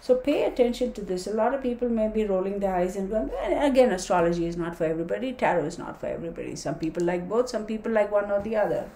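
A woman's voice: mid-range voice, lively intonation, fast talker, few pauses, dark tone, echoey room. A woman giving a casual tarot and astrology talk, reading dates aloud and chatting with viewers. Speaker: tarot reader.

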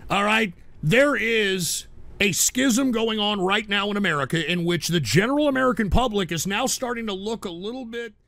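A man's voice: high voice, expressive, moderate pace, gravelly, no room sound. Exasperated sick man ranting. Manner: exasperated, ranting, bursts into shouting. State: sick, coughing. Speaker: show host. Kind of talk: livestream talk show rant.

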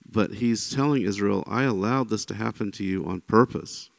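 A man's voice: lowish voice, moderate pace, gravelly, no room sound. A man giving an informal Bible teaching, talking conversationally and often checking in with the listener. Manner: conversational, often checks in with "right?" and "you know"; animated when voicing quoted speakers.

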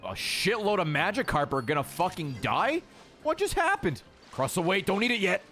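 An excitable man giving casual let's-play commentary, with a slightly high voice that swings wildly up and down. He swears freely and chats with the creatures on screen. Faint music plays behind him. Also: fairly quick. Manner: excitable, swears a lot, talks to game creatures.

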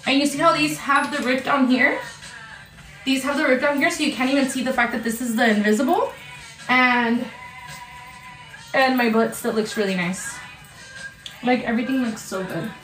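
A woman with a fairly high voice talks excitedly and casually on a live sales stream, swearing as she goes. Her voice rings in a very echoey room, with faint music playing behind her. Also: normal speed. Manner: excitable, chatty, swears freely. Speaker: TikTok live seller. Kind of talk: casual livestream sales chat.

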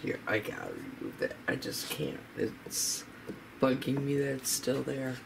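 A home cook talks viewers through a recipe in a relaxed, chatty way from a home kitchen. The voice is slow and gravelly. It is picked up by the camera's own mic, with clear background noise. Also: mid-range voice. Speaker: home cooking vlogger. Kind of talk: casual recipe demonstration.

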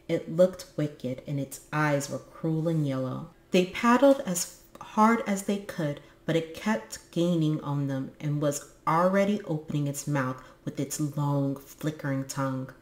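A woman's voice: low voice, darkish tone. A woman reading a children's book aloud on her book channel, with casual, musing asides. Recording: echoey room.

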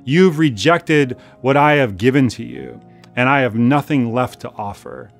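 A preacher putting on a stern male boss pronouncing judgment, grave and measured, accusing in tone, a steady mid-pitched voice, with a guitar softly behind. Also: gravelly. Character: stern male company chief passing judgment. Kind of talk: sermon storytelling.

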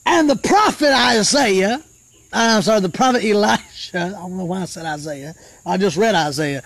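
A man preaching a live sermon fervently, rising to shouts and dropping to murmured praise in between. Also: high voice, brisk, vocal fry, dry recording.

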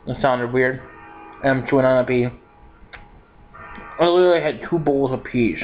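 A man's voice: mid-range voice, fairly even intonation, moderate pace, long pauses, highs cut off, faint music behind. A man in his twenties vlogging in a casual, rambling and upbeat way, with frequent laughs and filler words. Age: 20s. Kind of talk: casual chat to camera.

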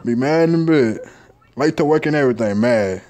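A man's voice: mid-range voice, lively intonation, brisk, mellow, slight background noise. A man hosting a reaction video, giving crude, joking commentary full of street slang. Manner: profane, laughing, street slang.

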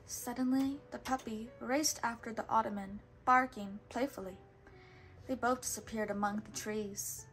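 A woman reading a children's storybook aloud in a steady, patient way, now and then correcting a word. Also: a little high, normal speed, faint music behind. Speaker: storybook reader.

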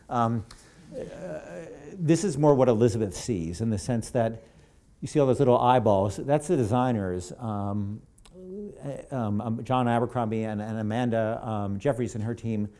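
A man's voice: lowish voice, dark tone. A man speaking as a game creative director in a live presentation to an audience, conversational and rambling with many asides. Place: event hall on stage.

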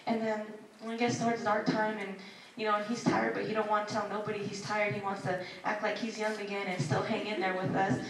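A woman's voice: medium pitch, little pitch movement, fairly quick, recorded from a distance, a little hiss or hum. Chatty woman in an echoey hall. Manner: chatty storytelling, acts out quoted voices, laughs often. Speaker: family member speaking at a memorial service. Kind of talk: sharing personal stories at a service. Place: packed hall at a memorial service. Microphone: handheld microphone. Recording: echoey hall, speaker off mic, crowd audible.

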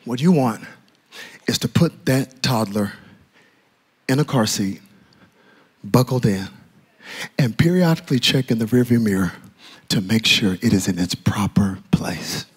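A man preaching as a pastor, playful and animated, joking with the congregation and swinging from loud bursts to hushed tones. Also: fairly low pitch, measured pace, long pauses, husky. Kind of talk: lively sermon. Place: church auditorium.

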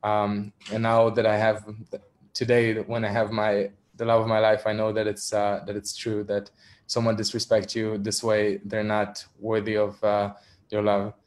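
A man's voice: on the low side, monotone, normal speed. Candid man telling a personal story. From Israel. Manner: candid, self-deprecating, frequent ums and soft laughs. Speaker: activist speaker. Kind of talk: personal storytelling in a virtual talk. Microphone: video call.

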